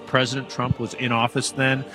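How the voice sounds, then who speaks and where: A man anchoring live news commentary in a measured, informative way. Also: mid-range voice, flat delivery, over music.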